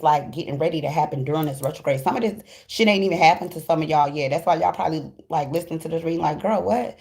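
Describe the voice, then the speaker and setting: A woman's voice: low voice, creaky, a little mellow. Blunt, profane woman reading tarot. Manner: blunt, profane, emphatic direct address to viewers; slangy and fast-flowing, acts out quoted voices. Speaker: tarot reader. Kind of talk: casual tarot reading vlog.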